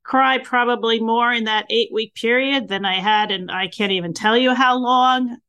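A woman in her sixties hosting a podcast, chatting casually and telling stories with lively, acted-out reactions. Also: on the high side, moderate pace, smooth. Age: 60s. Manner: animated storyteller acting out her own reactions. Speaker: podcast host. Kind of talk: casual interview chat.

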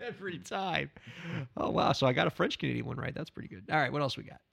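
A man co-hosting a comedic podcast, playing a quiz game in casual, joking, excitable chat. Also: on the high side, fast, creaky. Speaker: podcast co-host, quiz player.

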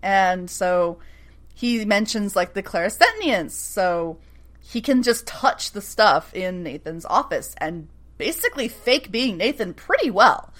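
Animated woman recapping with profane asides. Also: medium pitch. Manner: animated, swears freely, acts out lines in quick asides. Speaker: podcast co-host recapping a TV episode. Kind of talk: casual chat.

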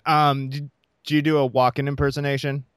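A man in his thirties chatting casually as a podcast host, playful and quick to slip into impressions. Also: mid-range voice, level tone, clear, resonant tone, no room sound, studio quality. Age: 30s. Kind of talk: casual chat.

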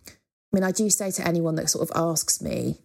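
Gravelly low-voiced woman, candid. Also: animated, brisk, a little mellow. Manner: frank, chatty, with many fillers and casual swearing. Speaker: guest musician. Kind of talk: candid interview conversation.

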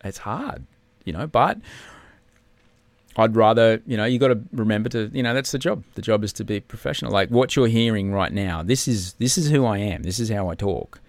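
A man's voice: on the low side, fairly quick, no room sound. A man, a guest in casual chat, speaking candidly and a little subdued while recovering from surgery. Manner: candid, swearing, drops to a whisper at times. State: subdued, in pain after surgery. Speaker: podcast guest, TV host.

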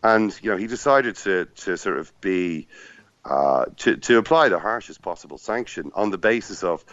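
A man on a football podcast, chatting casually and acting out players and the referee in quick asides. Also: deep voice, animated, fairly bright tone, no room sound, highs cut off. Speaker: football pundit at the final.

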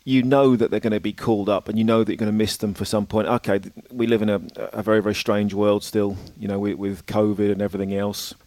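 A chatty English-born male football pundit with a somewhat low voice, leaning on "you know" as he argues his point. The sound is close and dry. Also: flat delivery, quick pace, few pauses, darkish tone, dry recording. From England. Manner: chatty, many "you know" fillers, laughs while talking. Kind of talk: radio phone-in debate.

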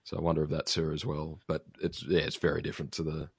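A man's voice: extremely low pitch, flat delivery, fast talker, creaky, husky, dry recording, clean studio sound. A man co-hosting a podcast, chatting casually and reading out a listener's email, with many ums and restarts. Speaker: podcast co-host.

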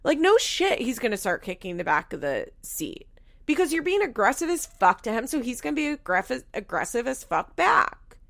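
A woman's voice: on the high side, sing-song, normal speed, creaky, a bit bright. A young woman giving frank, casual commentary on a reality show, swearing freely and filling her talk with "like". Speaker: reality TV recap host.

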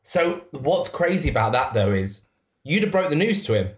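A man co-hosting a podcast in casual chat, chatty and quick with jokes. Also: fairly high pitch, sing-song. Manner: chatty, quick jokey interjections. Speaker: podcast co-host. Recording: echoey room.

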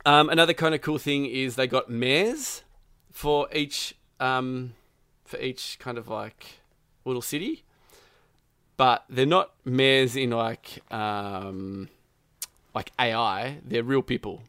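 A man's voice: medium pitch, slow pace, a bit bright, clear, resonant tone, no room sound, studio quality. A man chatting casually about a video game, rambling and swearing, with lots of fillers. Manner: rambling, profane, full of fillers.

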